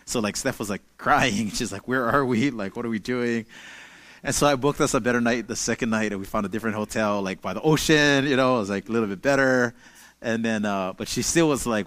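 In a dry recording, a young man talks fast in a fairly low voice while giving a laid-back sermon as a pastor. His storytelling is relaxed and conversational, sprinkled heavily with fillers like "like" and "you know."

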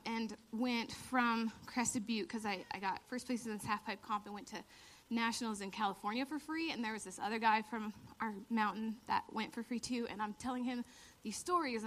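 A woman in her thirties giving a lively storytelling sermon, laughing often and acting out the lines she quotes. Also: a little high, normal speed, hardly any pauses. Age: 30s. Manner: animated, laughing storyteller who acts out quotes. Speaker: church speaker.

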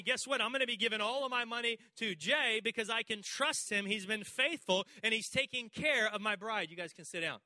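A male pastor delivers a sermon, telling stories and acting out dialogue with people in the congregation. His voice sits high and rings very bright and sharp. The sound is close and dry. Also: no room sound. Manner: animated storytelling, acting out dialogue with congregation members. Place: church.

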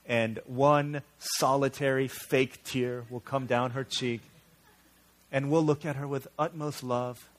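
A male pastor delivers a sermon slowly in an earnest, conversational storytelling style. His middle-pitched voice moves easily between lively family anecdotes and quieter, serious points.

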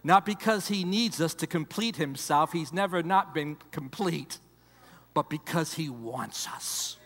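A male pastor preaching a sermon in a church, repeating phrases and swinging between loud emphasis and hushed, quiet passages. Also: on the high side, unhurried. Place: church sanctuary. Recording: long hall reverb.

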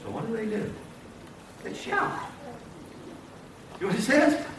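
A man preaching a sermon as a pastor, dramatic, rising to shouted pleas and dropping to hushed tones, recorded from a distance in an echoey church. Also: sits high, wildly swooping pitch, measured pace, background noise. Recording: echoey hall heard from a distance.

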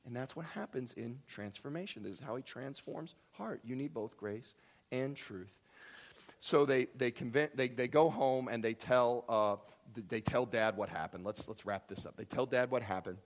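A man preaching a sermon, telling a story with lively acted-out voices and swinging from quiet to loud. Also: mid-range voice, normal speed. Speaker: pastor.

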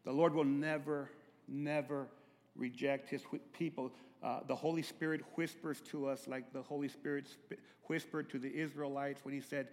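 A middle-aged man preaching a sermon as pastor, moving between hushed, drawn-out phrases and loud, high-pitched crying out. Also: little pitch movement, long reverb tail.

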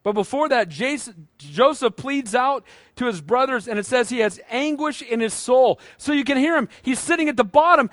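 A man preaching a sermon, acting out the voices of people from the Bible in a lively way. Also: very high-pitched, normal speed, no echo, studio quality. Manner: animated, acts out voices of Bible figures. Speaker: pastor.

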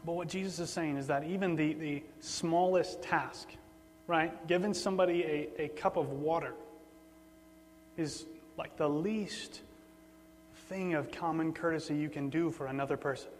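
Male preacher, somewhat high voice, casual sermon delivery, long reverb with faint hum. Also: fairly even intonation, normal speed. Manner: conversational, repeats words for emphasis.

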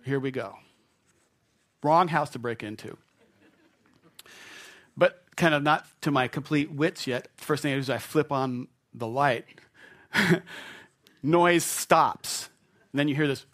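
A middle-aged male pastor preaching a storytelling sermon in an animated, self-mocking way, chuckling as he goes. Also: a little high, unhurried, long pauses.

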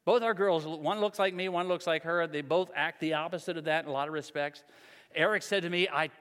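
A man's voice: a little high, steady tone, a little fast, fairly bright tone. Man, 60s, pastor, sermon, conversational and self-deprecating, long reverb of a big hall. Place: large church hall.

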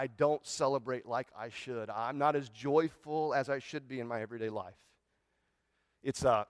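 In a mid-range voice with no room sound, a male pastor gives a conversational sermon. Hushed, reverent passages build into loud, excited ones, punctuated by repeated words and frequent "right?"

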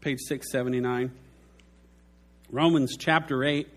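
A man's voice: mid-range voice, fairly even intonation, unhurried. A man preaching a sermon, telling anecdotes and acting out the voices in his stories. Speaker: pastor.

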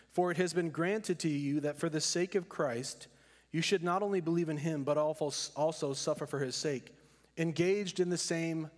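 A man preaching with a slightly high voice, earnest and deliberate, slowing on the words he wants to land. His sermon rings with the long reverb of a church hall. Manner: earnest preaching, slows down to stress key words. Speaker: pastor.

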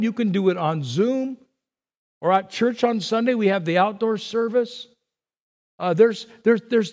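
A male pastor delivers a sermon in a strikingly high voice. He talks earnestly and conversationally, leaning on repeated phrases for emphasis. His voice trails off into a long, echoing reverb. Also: darkish tone.

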